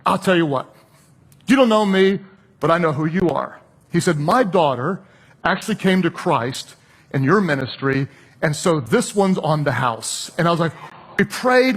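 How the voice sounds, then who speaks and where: Man, preacher, high voice, chatty storytelling sermon, acts out the people he quotes. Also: a bit bright. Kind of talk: sermon illustration.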